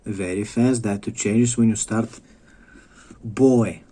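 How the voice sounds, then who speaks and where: A man's voice: fairly low pitch, steady tone, unhurried, warm tone. A man from Bulgaria, ranting in a rambling monologue, swearing often and repeating himself. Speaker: vlogger. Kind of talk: profane monologue rant.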